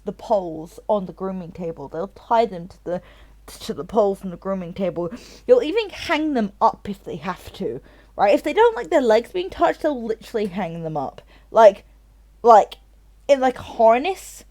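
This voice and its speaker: A tipsy woman streamer chatting casually and ranting at length, swearing freely and repeating herself. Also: fairly high pitch. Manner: rambling and profane, repeats herself. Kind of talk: casual chat on a live game stream.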